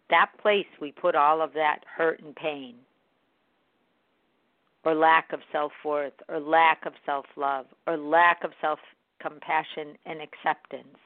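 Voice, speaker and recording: A self-help speaker giving a reflective spoken monologue in an earnest, gently coaching manner. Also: medium pitch, fairly even intonation, slow pace, pauses often, dry recording. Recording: tinny phone-like dry recording.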